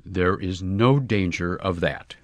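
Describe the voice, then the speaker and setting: A man's voice: lowish voice, big pitch swings, normal speed, no echo. A man voicing an ambitious young woman with a cool, scornful manner.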